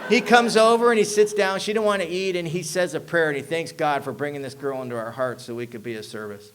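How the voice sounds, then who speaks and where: A man's voice: fairly high pitch, quick pace, hardly any pauses, a little hiss or hum. A man telling his personal recovery story to an audience as a convention speaker, acting out the dialogue and often checking in with his listeners. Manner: animated storyteller who acts out dialogue and keeps asking "you know what I mean".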